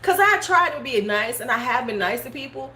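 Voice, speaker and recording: A woman's voice: fairly high pitch, animated, a little fast, sharp tone. A middle-aged woman hosting a casual livestream beauty vlog, talking frankly and bluntly, laughing often and answering viewers' comments. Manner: talks back to live chat comments. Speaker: beauty vlogger host. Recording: roomy home room with faint background noise.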